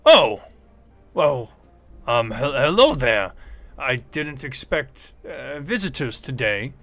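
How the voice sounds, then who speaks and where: A man's voice: mid-range voice, sing-song, slow pace, fairly bright tone, no echo, full character voice. A man voicing an older man gnome scientist with a bushy mustache, speaking in a startled, musing way.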